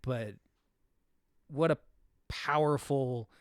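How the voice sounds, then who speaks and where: A man co-hosting a podcast, talking through a film in a halting, reflective way and searching for his words. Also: medium pitch, clean tone, no echo, studio quality. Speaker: podcast co-host. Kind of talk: casual film discussion.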